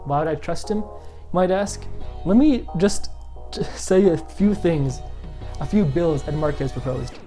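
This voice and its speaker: A host of an environmental channel giving an opinionated political vlog. They speak bluntly and with feeling, breaking off into quick asides. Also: mid-range voice, mellow, soft background music.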